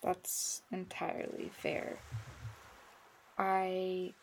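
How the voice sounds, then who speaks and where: A woman playing her character in a tabletop game, speaking in a halting, earnest way. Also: fairly low pitch, completely flat delivery, slight background noise. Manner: halting, earnest, with soft laughs. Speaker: player.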